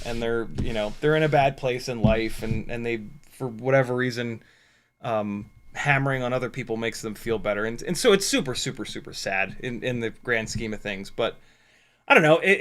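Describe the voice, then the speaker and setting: A man hosting a casual livestream, ranting sarcastically and profanely with frequent laughs and big swings in loudness. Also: medium pitch. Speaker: YouTube host.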